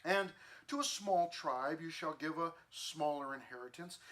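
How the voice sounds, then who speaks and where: Guy teaching the bible to youth, kinda high bright voice, talks loose with lots of um and uh. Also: unhurried. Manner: conversational, many fillers and restarts, acts out social media voices.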